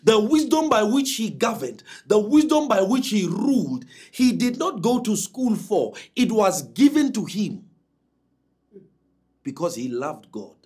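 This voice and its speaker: Man preaching, high voice, husky, swoops way up and down. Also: big pitch swings, measured pace, a little mellow. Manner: emphatic preaching with dramatic pitch swings. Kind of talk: sermon.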